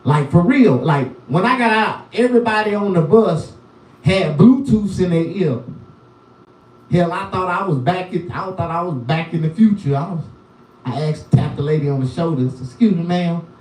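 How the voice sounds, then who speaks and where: A man's voice: high voice, moderate pace, darkish tone, far from the mic. A man doing loose, rambling stand-up on a live stream, with a profane and repetitive manner. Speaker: comedian. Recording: roomy sound, voice from the mic.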